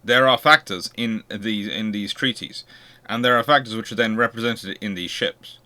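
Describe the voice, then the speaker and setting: A man's voice: on the low side, moderate pace, pushed and bright. A man hosting a history channel, giving an unscripted lecture and posing rhetorical questions as he explains.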